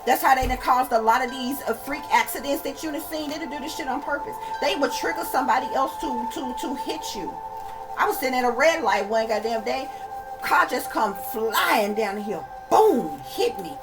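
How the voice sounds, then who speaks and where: A woman with a fairly high voice rants straight to her viewers, swearing freely and hammering her points with repetition. She keeps turning to her audience as y'all. Faint music plays behind her. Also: a little fast, rough recording. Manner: profane, emphatic, repetitive, addresses viewers as y'all. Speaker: channel host and psychic reader. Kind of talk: casual rant to camera.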